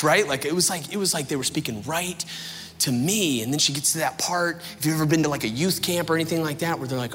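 A young man preaching and telling his own story in a casual, animated way, with lots of "like" and "you know". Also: on the high side, brisk, long reverb tail, slight background noise. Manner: conversational, animated storytelling with many fillers. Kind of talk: sermon with personal testimony.

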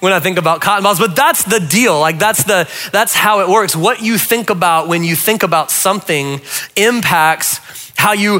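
A man, preaching a humorous sermon and telling stories with quick voiced asides. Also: high-pitched, pushed and bright. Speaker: pastor.

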